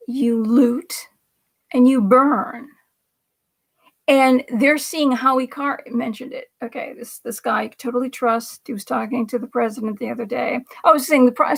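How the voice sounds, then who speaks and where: High gravelly woman livestream host. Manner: rambling, emphatic, drops to whispers for effect. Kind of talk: political commentary monologue.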